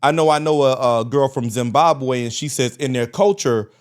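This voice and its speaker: A man co-hosts a casual podcast. He speaks at a middle pitch and guides the discussion in a measured, steady way. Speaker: podcast co-host. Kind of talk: casual conversation.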